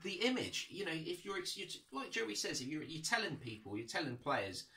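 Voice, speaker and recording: A man co-hosting a casual football podcast, rambling and restarting as he argues his point calmly. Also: fairly high pitch, fairly quick, far from the mic, a little hiss or hum. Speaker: podcast co-host.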